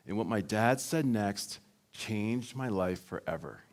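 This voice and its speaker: A man's voice: on the low side, unhurried. Man telling a keynote story. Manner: lively storytelling with acted quotes. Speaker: keynote speaker.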